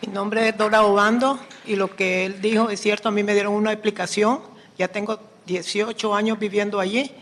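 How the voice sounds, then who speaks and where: A woman in her seventies giving public comment, nervous and halting, apologizing as she speaks. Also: mid-range voice, level tone, fairly bright tone, slight background noise. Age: 70s. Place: city council chamber. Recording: long echo in a council chamber.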